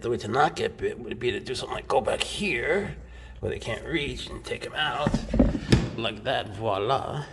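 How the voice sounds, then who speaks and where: A man casually explaining and handling his snakes in a relaxed, rambling vlog indoors. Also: mid-range voice, creaky, slight background noise. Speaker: reptile keeper. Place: warm indoor room with high ceilings.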